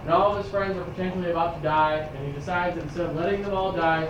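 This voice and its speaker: A man's voice: a little high, fairly even intonation, fast, noisy background. A man teaching a history class, telling a story to his students with frequent restarts. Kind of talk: classroom lecture. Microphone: far camera. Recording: echoey classroom from far off.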